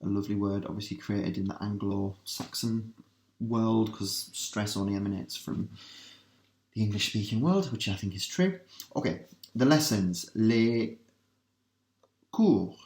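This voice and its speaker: A man teaching a revision lesson, working through translations step by step and asking his students quick questions. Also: on the low side, a little mellow. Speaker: language teacher. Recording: roomy echo.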